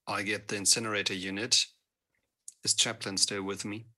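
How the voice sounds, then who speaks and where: A man playing a tabletop game, speaking in a deliberate, quietly grave way in character. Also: lowish voice, little pitch movement. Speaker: player.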